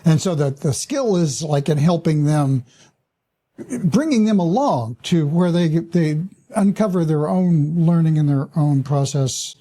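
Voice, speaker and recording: Dark-voiced reflective male host. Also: fairly high pitch, measured pace. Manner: reflective, hesitant with fillers. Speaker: podcast host, coach. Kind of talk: conversational interview.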